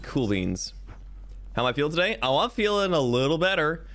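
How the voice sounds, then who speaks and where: A man's voice: fairly high pitch, big pitch swings, a little fast, a bit bright. A young man chatting casually to his viewers while streaming a game, goofy and rambling. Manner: goofy, rambling, talks to chat.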